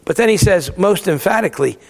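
A theology lecturer delivers a Bible lecture in a large hall, emphatic and repeating words to drive his points home. His voice sits high and is creaky, and he speaks quickly and with animation.

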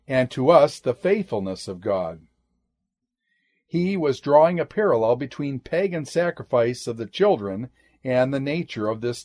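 A man with a somewhat dark voice leads a methodical Bible study lecture, framing every citation with "quote" and "end quote." Each "end quote" comes out lower and quieter.

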